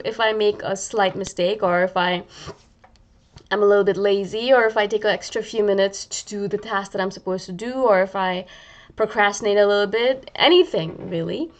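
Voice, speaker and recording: A woman vlogger talking casually and reflectively to her viewers, often saying "you know" and acting out her own inner voice. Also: mid-range voice. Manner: conversational, many "you know" fillers, acts out inner dialogue. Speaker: spiritual vlogger.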